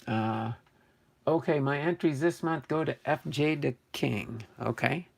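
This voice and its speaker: A slightly high-pitched man with vocal fry speaks at a measured pace. He's an older New Jersey host running a relaxed sports card live stream, chatting loosely, thinking aloud, and correcting himself as he goes.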